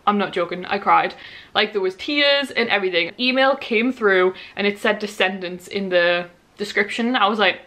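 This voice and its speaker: Gushing bright-voiced woman. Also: mid-range voice. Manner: excitable, gushing, rambling with many "like"s. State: sore throat. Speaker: vlogger. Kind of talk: casual chat to camera.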